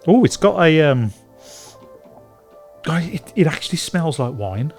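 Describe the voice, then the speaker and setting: A man from England co-hosting a casual beer podcast, talking in halting stops and restarts. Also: a little high, sing-song, faint music behind. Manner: rambling, halting with many restarts and fillers. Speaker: podcast co-host. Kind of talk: casual chat.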